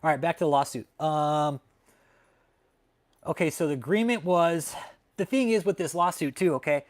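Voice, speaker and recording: A man's voice: on the high side, moderate pace. A man hosting a livestream, ranting angrily and swearing constantly in a casual commentary style from home. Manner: angry, profane, swearing constantly. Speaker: livestream host. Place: home, dog nearby.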